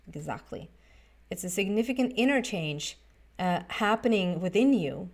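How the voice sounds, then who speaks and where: A woman's voice: on the low side, lively intonation, normal speed. A woman giving a casual, rambling tarot reading to camera, often restarting her words. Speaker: tarot reader.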